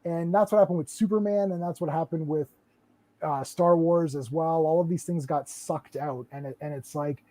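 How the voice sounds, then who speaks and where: This is a man in his forties, a podcast host, talking through films in a loose, casual way. His voice sits high but sounds warm and mellow. He stumbles through stacks of repeated words before he gets his point out. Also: steady tone, moderate pace. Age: 40s. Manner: rambling, repeats words while searching for them. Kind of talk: casual film discussion.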